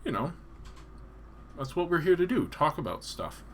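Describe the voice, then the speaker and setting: A man's voice: a little high, sing-song, normal speed, fairly bright tone, slight background noise. A man from Canada chatting casually on a live stream, rambling and hesitant with frequent ums and restarts.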